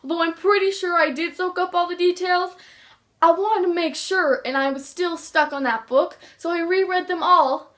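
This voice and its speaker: A woman's voice: extremely high pitch, fairly even intonation, normal speed, a bit bright. A teenage girl vlogging about books she loves, gushing and rambling with many restarts. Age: teens. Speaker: book vlogger. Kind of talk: casual chat to camera.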